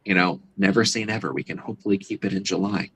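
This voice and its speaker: Deep-voiced chatty man guest. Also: fast talker, a bit bright, husky, rough recording. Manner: chatty, rambling with fillers and restarts. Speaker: guest, psychic medium and convention organizer. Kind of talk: casual interview chat.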